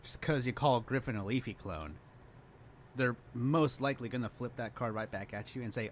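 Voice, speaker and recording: A man's voice: medium pitch, moderate pace, a little hiss or hum. A man co-hosting a reaction stream, sarcastic and crude, laughing often. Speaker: co-host. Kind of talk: casual reaction commentary.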